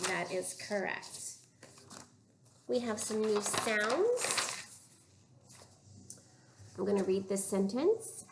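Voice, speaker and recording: A woman teacher giving a phonics lesson to young children, modeling words slowly and patiently. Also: medium pitch, creaky. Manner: slow, patient, drawn-out word modeling. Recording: echoey room with faint room noise.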